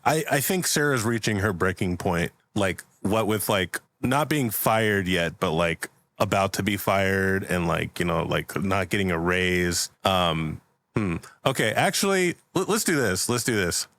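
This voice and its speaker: A man's voice: low-pitched, animated, unhurried, fairly bright tone. A young man hosting a podcast, improvising a story in casual chat, rambling with many filler words and frequent laughs. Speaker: podcast host.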